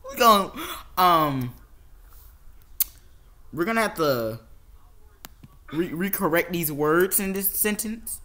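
A woman's voice: fairly low pitch, lively intonation, takes it slowly, pauses often, sharp tone. A woman recording bloopers for a home-made audio drama, laughing and bossily restarting takes. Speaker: amateur voice actor.

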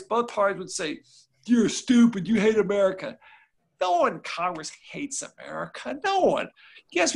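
High-voiced, folksy, emphatic congressman. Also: vocal fry, pushed and bright. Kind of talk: remote panel discussion.

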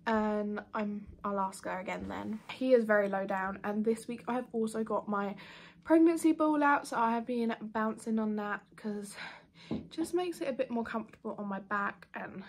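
A woman, chatting casually in a vlog update from home and sounding out of breath. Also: medium pitch. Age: 20s. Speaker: vlogger.

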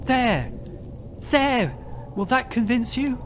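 A haunted captain at the edge of his nerves, as a male reader puts him on, begging for help in a high, strained voice that keeps climbing toward panic. He sounds like a character from a spoken gothic ghost story. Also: moderate pace, fairly bright tone, slight background noise. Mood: frantic. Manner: desperate, pleading, rising to frantic cries. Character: haunted, terrified middle-aged male captain. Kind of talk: dramatic reading of a classic ghost story.

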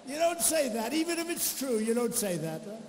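A man's voice: very high voice, very animated, brisk, a little mellow, long reverb tail. An older man giving a political rally speech, boastful and repetitive, full of off-the-cuff asides. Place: large arena rally.

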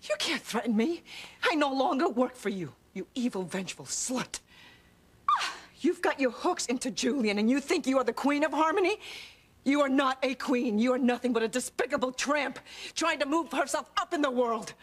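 A woman's voice: high voice, lively intonation, normal speed. An actress playing a fierce, impassioned, devoted mother in a soap opera. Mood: outraged. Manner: impassioned, pleading then furious. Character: fierce devoted immigrant mother, middle-aged woman. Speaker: housekeeper and mother. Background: music.

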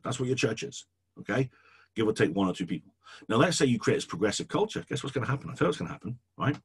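A middle-aged man preaching in a low, husky voice that swings widely in pitch. He teaches church leaders in an emphatic, repetitive way, hammering each point home. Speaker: pastor. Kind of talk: teaching sermon.

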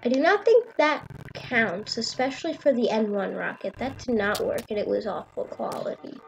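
A woman's voice: fairly high pitch, animated, normal speed, gravelly, lo-fi sound, a little hiss or hum. Matter-of-fact woman narrating a game build. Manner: plain, matter-of-fact explaining, dry comebacks. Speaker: channel host.

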